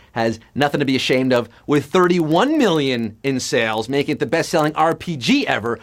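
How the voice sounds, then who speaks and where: A man's voice: high voice, fairly bright tone. A man hosting a live trivia game, reading questions and cracking puns and jokes between answers. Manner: punning, joking, reads questions briskly. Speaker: quiz show host. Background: music.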